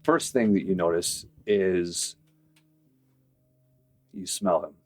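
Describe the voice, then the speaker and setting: A man narrating a tabletop game as game master, casual and descriptive with filler pauses. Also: low-pitched, no room sound.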